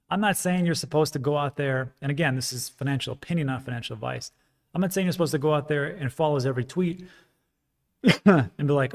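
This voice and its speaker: A man's voice: medium pitch, fast, creaky. A man hosting a casual livestream, chatting frankly and rambling as he reads out viewer comments, with frequent fillers. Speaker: crypto livestream host.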